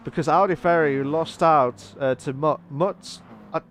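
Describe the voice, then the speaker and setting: A man giving live sim racing commentary in an excitable, rambling way, often correcting himself. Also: fairly high pitch, moderate pace, slight background noise. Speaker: race commentator.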